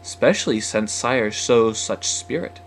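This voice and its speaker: A man voicing a gentle, sympathetic mother who speaks softly and coaxingly. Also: animated, takes it slowly, slight background noise. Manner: soft, coaxing, higher voice.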